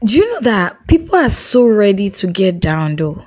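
A woman's voice: mid-range voice, sing-song, moderate pace, a little mellow. A Nigerian woman co-hosting a podcast, talking expressively in a casual chat and mixing Pidgin phrases into her English. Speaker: podcast co-host.

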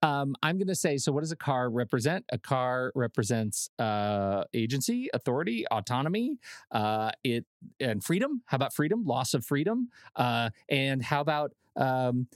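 A man's voice: mid-range voice, sing-song, normal speed, no echo, clean studio sound. A man co-hosting a podcast in casual chat, joking and thinking aloud in rambling lists. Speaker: podcast co-host.

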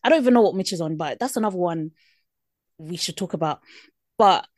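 A woman co-hosting a podcast, giving quick, frank commentary in a casual chat. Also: lowish voice, animated, a little mellow, no room sound, studio quality. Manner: fast, frank commentary on reality TV. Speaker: podcast co-host.

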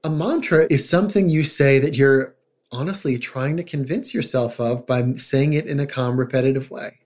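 Middle-aged man explaining calmly. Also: medium pitch, moderate pace. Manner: conversational, acts out quoted voices. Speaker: child psychologist guest. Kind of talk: casual podcast conversation.

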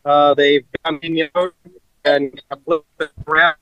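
A man giving a hurried, excited account on a live stream, played as a clip. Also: fairly high pitch, no echo, lo-fi sound. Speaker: activist streamer stopped by police.

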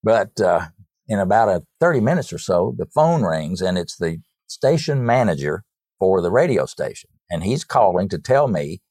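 An older man from North Carolina, a songwriter guest, telling stories in a lively way in an interview and often repeating words as he goes. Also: deep voice, normal speed, no echo, studio quality. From North Carolina, USA. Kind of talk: storytelling in a podcast interview.

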